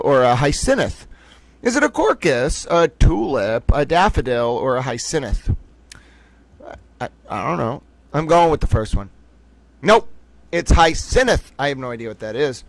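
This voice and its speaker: A man's voice: mid-range voice, fairly bright tone, no echo, low-quality recording. Guy hosting a trivia stream, mock outrage, voice jumps all over, dry close mic. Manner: playfully indignant, mock-outraged, rambling asides. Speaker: livestream host running a trivia game. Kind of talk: casual livestream chat.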